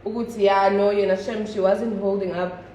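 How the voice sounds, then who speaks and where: A woman's voice: medium pitch, flat delivery, normal speed, dark tone, roomy sound, a little hiss or hum, poor audio. A South African woman chatting casually on a phone livestream, switching between languages and swearing freely.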